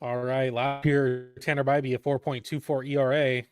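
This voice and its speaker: A man giving live fan play-by-play of a baseball game, calm between pitches and shouting on big plays. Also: moderate pace, smooth, dry recording, clean studio sound. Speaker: fan commentator.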